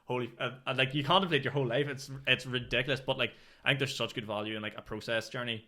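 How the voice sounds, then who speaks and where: A man's voice: medium pitch, steady tone, fast, bright, forceful tone. A young man hosting a podcast, telling rambling stories full of fillers and swearing. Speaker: podcast host and comedian. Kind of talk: casual podcast chat.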